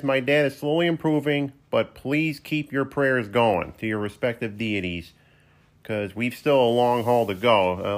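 A man hosting his own podcast in a casual solo monologue, with wry, self-deprecating humor. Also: mid-range voice. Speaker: podcast host.

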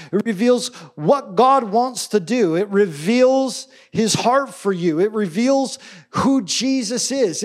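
High-voiced man preaching casually. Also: a little mellow. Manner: casual, enthusiastic preaching with asides and restarts. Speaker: pastor. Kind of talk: sermon.

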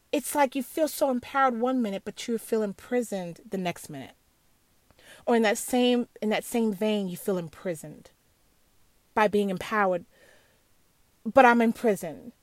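A woman's voice: on the high side, dry recording. A middle-aged woman sharing a candid, earnest personal reflection on faith, emotional and full of restarts and asides.

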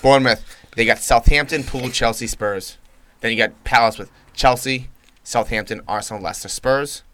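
A man's voice: mid-range voice, moderate pace, a bit bright, no echo. A man co-hosting a casual soccer podcast, rattling off team fixtures and laughing easily with friends. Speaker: podcast co-host.

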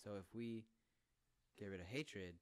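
A man's voice: on the low side, a little slow, no room sound. A young man in casual, rambling chat, swearing freely and laughing as he talks. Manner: laid-back, rambling, profane, laughs often.

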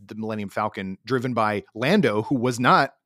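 A man's voice: on the low side, normal speed, fairly bright tone, dry recording, studio quality. A man hosting a podcast in an easygoing, joking way with hesitant fillers. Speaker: podcast host. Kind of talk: casual podcast chat.

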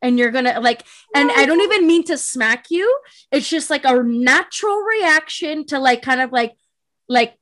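A woman's voice: high voice, animated, moderate pace, a bit bright. A woman co-hosting a casual chat podcast, talking in a passionate, rambling way full of fillers. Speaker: podcast co-host.

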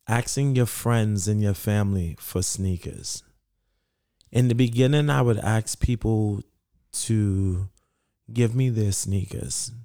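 A middle-aged man from Brooklyn, New York, the founder of a sneaker charity, tells his story in an interview in a low, mellow voice. He speaks earnestly, repeats phrases for emphasis, and voices the people he quotes. The audio is close and dry, with no room sound.

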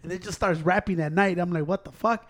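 Dude, talks real fast, animated, cussing and switching languages. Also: sits high. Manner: animated, mixes Spanish into English, heavy swearing. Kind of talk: casual storytelling chat. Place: Chicago.

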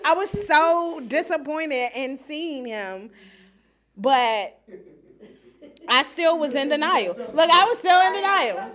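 Woman w telling a story to a group, lively, acts out the quotes, voice on the higher side. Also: measured pace. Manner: animated, laughing, acts out quoted lines. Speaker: group participant. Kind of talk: casual storytelling. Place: small indoor group setting.

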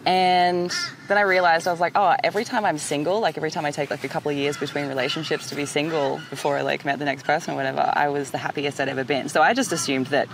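A woman in her thirties hosting a podcast, talking in an animated, emphatic casual way and swearing freely. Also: low-pitched, quick pace, slight background noise. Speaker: podcast host. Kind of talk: casual chat.

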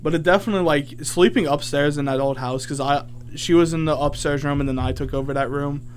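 A man's voice: on the high side, fast talker. A young man hosting a college radio show, telling a rambling story with lots of fillers. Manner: animated, rambling with many fillers. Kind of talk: casual storytelling chat.

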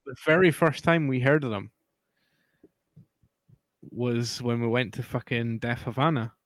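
A man's voice: medium pitch, unhurried, dry recording. Laid-back man reminiscing. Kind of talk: casual chat.

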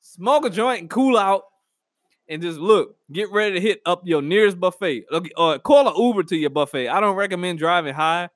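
A high-pitched man rambles through a comedic rant in a dry, close recording. He talks in an animated way and keeps cracking himself up as he riffs. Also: moderate pace, no room sound. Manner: animated, rambling, laughs at own jokes. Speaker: comedic vlogger. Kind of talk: casual comedic monologue.

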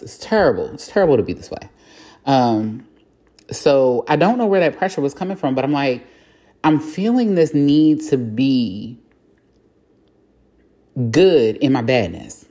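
Woman podcast host, very deep voice, mellow tone, candid and chatty, casual solo talk. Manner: candid, chatty, profane, self-deprecating.

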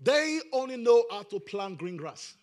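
A middle-aged male pastor preaching a sermon, rising into shouted, sing-song emphasis. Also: high voice, big pitch swings, a little slow.

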